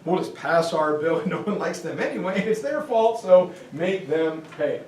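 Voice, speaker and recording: A man's voice: a little high, animated, moderate pace, darkish tone, pitched below the performer's own voice, lightly acted. A man putting on a smug gent. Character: smug complacent upper-class British man. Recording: echoey room, far from mic, faint hiss.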